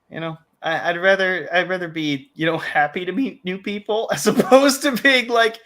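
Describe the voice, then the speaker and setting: Brief: male stream host, bright tense tone, casual rambling chat, lots of restarts. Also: on the high side, expressive, moderate pace, few pauses. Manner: rambling, self-interrupting, frequent restarts and quoted asides. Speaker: livestream host.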